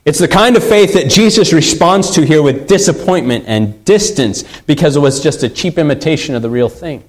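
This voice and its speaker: A man delivers a sermon with earnest conviction. His voice sits a little higher than most men's. He drives his points home by repeating key phrases. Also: darkish tone, poor audio. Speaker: pastor.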